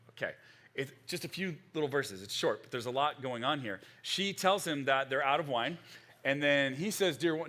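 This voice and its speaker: A middle-aged male pastor preaching a sermon in a conversational, animated way, with frequent restarts. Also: fairly high pitch.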